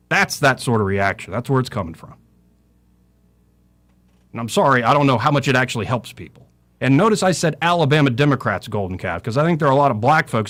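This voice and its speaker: A man's voice: mid-range voice, a bit bright. A middle-aged man giving impassioned talk radio commentary, preaching with scripture and swinging his voice up and down. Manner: preacherly, quoting scripture, voice rising and falling.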